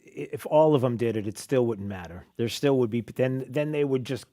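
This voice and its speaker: A man's voice: mid-range voice, brisk, mellow. A man hosting a talk radio show, rambling and laughing, often breaking off mid-sentence.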